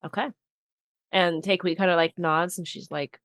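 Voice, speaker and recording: Relaxed woman playing a tabletop game. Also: on the low side, normal speed, no echo. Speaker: player. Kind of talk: casual tabletop game play.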